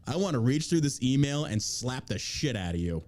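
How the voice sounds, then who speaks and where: A man's voice: medium pitch, big pitch swings, fairly quick, darkish tone. Profane ranting male podcast host. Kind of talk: casual podcast chat. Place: small studio.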